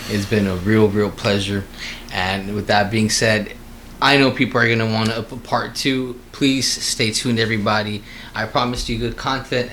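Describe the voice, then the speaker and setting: A man's voice: on the low side, fairly bright tone, slight background noise. A man hosting a casual interview, chatty and affirming. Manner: affirming, friendly bro talk. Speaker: interviewer host.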